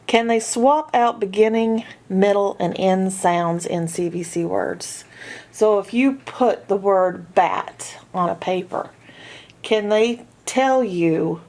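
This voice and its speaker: Slow, patient woman teaching reading. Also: fairly low pitch, darkish tone. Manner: asks checklist questions and sounds out letters slowly. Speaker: reading teacher for homeschool parents. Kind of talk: instructional walkthrough.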